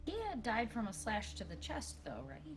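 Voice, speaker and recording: A woman taking part in a tabletop game, asking questions in a casual, unhurried way. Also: a little high, sing-song, noisy background. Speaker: player.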